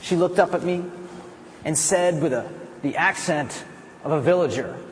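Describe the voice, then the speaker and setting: An American man giving a playful, animated storytelling talk at a conference. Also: on the high side, moderate pace, in a large hall, heavy background noise. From United States. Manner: animated, playful, self-mocking. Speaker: conference speaker. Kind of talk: storytelling speech. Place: conference hall.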